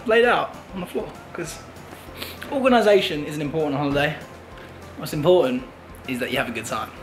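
A young Englishman talks straight to the camera in a loose, joking vlog style, his voice sitting a little high for a man. Music plays underneath him. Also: brisk. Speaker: vlogger. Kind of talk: casual travel vlog.

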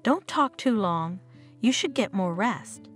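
A woman voicing a calm, frank male hospital doctor in an audio story, speaking matter-of-factly. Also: medium pitch, slow, faint music behind. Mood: reassuring. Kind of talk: storybook narration.

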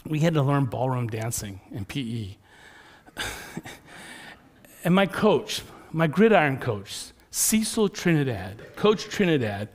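A man preaching a sermon as pastor in a church, telling lively personal stories. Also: a little high. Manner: animated storytelling.

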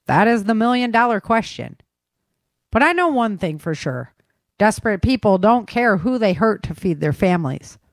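A woman reading the part of a stern, pragmatic man who speaks coldly and flatly in an audiobook. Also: mid-range voice, moderate pace, no room sound, pitched above the performer's own voice. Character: stern pragmatic male official.

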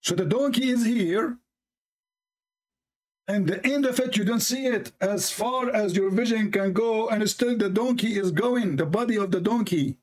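Man, sarcastic debate host, mocking tone, slightly high voice. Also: darkish tone. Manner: sarcastic, reads texts aloud slowly, mimics opponents in a high voice. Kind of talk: mocking religious debate commentary.

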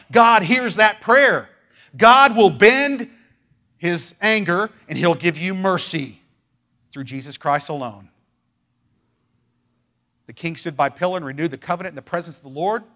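A high-pitched male pastor preaches with fiery intensity, moving from loud declarations to soft pleading. He lingers on certain phrases to give them weight.

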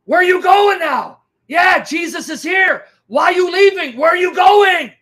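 A man's voice: very high-pitched, lively intonation, measured pace, a bit bright, shouting, voice pushed up, full character voice. A man shrieking as a frantic possessed woman. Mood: frantic shouting. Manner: screaming at the top of the lungs.

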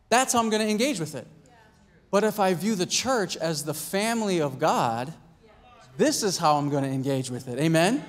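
A pastor preaching a sermon in a conversational way, acting out little scenes and asking "right?" and "Amen?". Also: male voice, sits high. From United States. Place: church hall.

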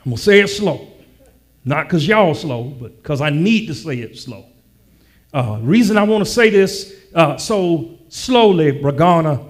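Male pastor preaching in an unhurried, drawn-out delivery that climbs to shouts. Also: fairly high pitch. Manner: teasing the congregation, repeating lines slowly; builds to shouted preaching cadence. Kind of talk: sermon.

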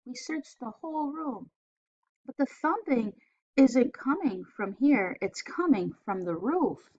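A woman voicing a scared little boy at bedtime, who talks in high, urgent, worried pleas. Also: expressive, takes it slowly, a little mellow, slightly rough, dull audio, full character voice. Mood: insistent.

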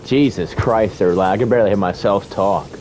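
A man's voice: fairly low pitch, fairly quick, a little mellow, a little hiss or hum. A young man commentating a horror game, talking to himself, swearing and panicking at scares. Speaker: gamer playing a horror game. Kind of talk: let's-play commentary.

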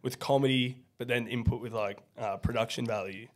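A hoarse young man in his twenties with a raspy voice, chatting loosely as a podcast guest, full of fillers. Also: medium pitch, steady tone, brisk. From Australia. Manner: loose, rambling, many fillers. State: hoarse from partying. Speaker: guest comedian. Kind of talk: casual podcast chat. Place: rented co-working room, not soundproof.

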